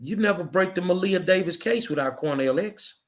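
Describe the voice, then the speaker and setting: A man's voice: high-pitched, a little fast. A middle-aged man hosting his own show, delivering an angry, emphatic monologue with hard repetition. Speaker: show host. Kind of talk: impassioned monologue.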